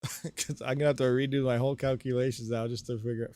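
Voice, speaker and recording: A man hosting a live stream, thinking aloud through calculations with excitable bursts and laughs. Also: mid-range voice, fairly quick, dry recording. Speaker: crypto mining streamer.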